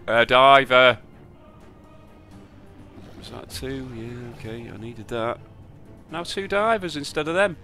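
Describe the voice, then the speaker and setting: A British slot streamer speaks slowly with long pauses, his medium-pitched voice bright and forceful, while soft music plays in the background. He swears and gets sarcastic about his own spins, muttering between outbursts.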